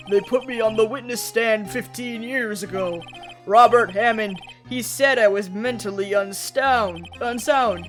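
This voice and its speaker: A woman voicing a bitter older man, a former court bailiff, who gives a grim, flat confession in a game read-along. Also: on the high side, natural voice.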